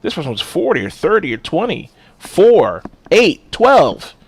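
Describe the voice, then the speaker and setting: A fairly high-pitched man talking in a loose, blunt podcast chat. He swears freely and laughs often, and his voice sits close and dry, with no room sound around it. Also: huge pitch swings, a little slow, breathy edge, dry recording. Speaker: podcast co-host. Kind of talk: casual chat.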